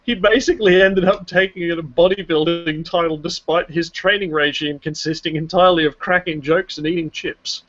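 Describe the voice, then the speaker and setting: A man's voice: on the high side, fairly even intonation, moderate pace, few pauses, a bit bright. A man co-hosting a casual review podcast, enthusiastic and swearing casually. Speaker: podcast co-host. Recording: muffled lo-fi mic.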